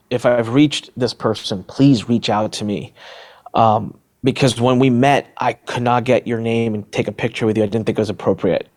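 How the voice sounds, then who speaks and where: A middle-aged entrepreneur, appearing as a podcast interview guest, tells a personal story in an animated way. Speaking in a mid-range voice, he acts out the voices of the people involved.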